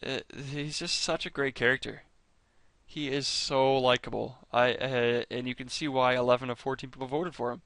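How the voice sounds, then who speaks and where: A man's voice: medium pitch, steady tone, moderate pace, fairly bright tone, no echo. A man hosting a fan video, chatting casually over clips with enthusiasm, rambling and often stopping to correct himself. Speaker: fan video host ranking characters.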